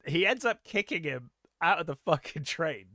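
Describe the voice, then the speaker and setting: A man with a bright, forceful voice talks through a film in a casual podcast chat. He sounds animated, swears freely, and laughs between lines. The dry, close sound has little room to it. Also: a little high, normal speed, no room sound. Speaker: podcast co-host.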